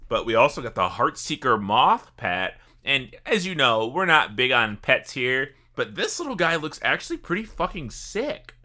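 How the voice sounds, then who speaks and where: Animated, jokey male podcast host. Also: mid-range voice, moderate pace, hardly any pauses. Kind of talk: casual gaming podcast chat.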